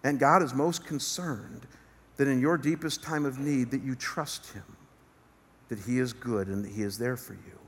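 A man's voice: medium pitch, moderate pace, breathy edge. A male pastor preaching an earnest sermon from a church stage, building emphasis as he speaks. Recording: long reverb of a large hall.

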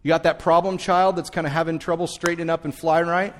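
Male pastor, slightly high voice, conversational sermon delivery with repeated key lines, long reverb of a church hall. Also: little pitch movement, quick pace. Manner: conversational, speaks straight to the congregation; repeats key phrases for emphasis.

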